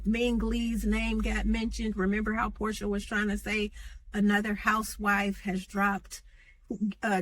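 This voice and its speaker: A woman giving a sassy, slangy recap of reality TV gossip, acting out what the cast said. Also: mid-range voice. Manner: sassy, animated, slangy, acts out quotes. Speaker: gossip commentator.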